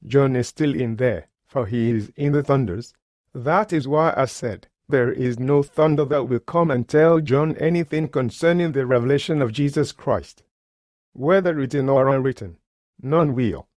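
Male preacher, emphatic and declamatory, mid-pitched, dry close recording. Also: a little mellow, dry recording. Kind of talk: sermon.

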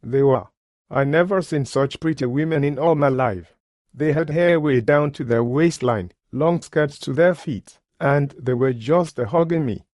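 A man's voice: a little high, measured pace, darkish tone, no room sound. Man, folksy preacher, dry close recording. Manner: folksy, nonstandard grammar. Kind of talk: sermon storytelling.

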